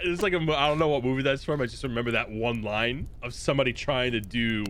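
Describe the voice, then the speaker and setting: A man's voice: mid-range voice, fast, fairly bright tone, slight background noise. A man acting as game master, chatting casually on a podcast; he argues freely, swears, and laughs often.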